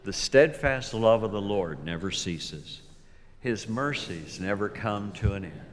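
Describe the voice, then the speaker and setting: A male pastor preaching a sermon, slow and deliberate, swinging from loud emphasis to near whispers. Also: lowish voice, expressive, slight background noise. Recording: long reverb of a large hall.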